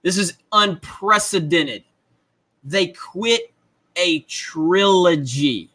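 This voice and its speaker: Young man, high voice, bright tone, excited repetitive livestream rant. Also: normal speed. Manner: excited, repetitive, laughing often. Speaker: host.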